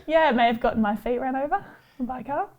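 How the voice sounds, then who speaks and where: A woman footballer with an Australian accent, telling stories in animated casual chat and laughing often. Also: sits high, fast, a little hiss or hum. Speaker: footballer guest.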